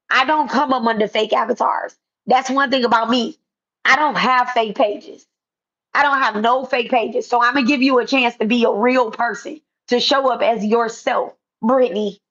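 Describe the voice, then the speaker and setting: A woman's voice: a little high, fairly bright tone. Blunt, confrontational woman on lo-fi audio. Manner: blunt, confrontational, repetitive, casual profanity. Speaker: spiritual content creator. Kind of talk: direct-to-camera callout vlog. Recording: dull lo-fi sound.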